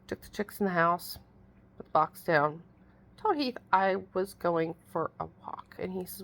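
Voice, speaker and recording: A middle-aged woman tells a long, rambling story to the camera in a casual vlog. Her voice has a gravelly, fry-laden edge, and she talks in a folksy, exasperated way, piling one detail onto the next. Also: lowish voice, a bit bright. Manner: chatty, rambling, exasperated retelling with a rural folksy way of talking. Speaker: vlogger.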